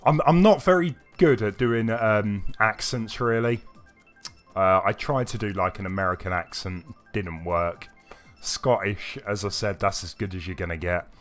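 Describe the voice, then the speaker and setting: This streamer's voice is lowish and his pace moderate as he casually chats through a live game. Answering viewers from chat, he rambles and hesitates frequently while faint game music plays behind him.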